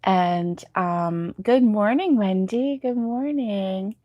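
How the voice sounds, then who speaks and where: A woman's voice: mid-range voice, takes it slowly, a little mellow, no room sound, dull audio. A sleepy woman hosting a casual live stream, chatting to viewers by name with many ums and laughs. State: sleepy, yawning. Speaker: crochet channel host reading live chat.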